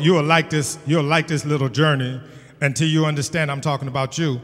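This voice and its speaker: A man preaching a sermon as pastor of his church, emphatic and repeating his points, building to shouts. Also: fairly high pitch, steady tone, fairly quick, in a large hall, faint music behind. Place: church sanctuary.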